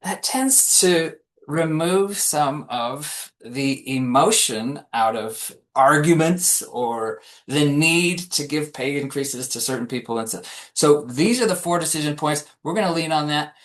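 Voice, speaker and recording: A man's voice: a little high, lively intonation, a little slow, fairly bright tone. A man presenting a business webinar in a conversational way, often restarting his sentences and acting out quotes. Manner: casual, with frequent restarts and acted-out quotes. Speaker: compensation consultant presenting a webinar.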